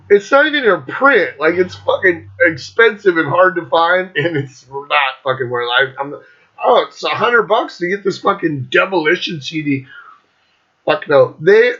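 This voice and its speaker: Male host, casual rambling chat full of profanity; forceful, bright tone on a muffled, lo-fi recording. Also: fairly high pitch. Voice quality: heavy swearing, loose filler-laden talk. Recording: lo-fi dull recording.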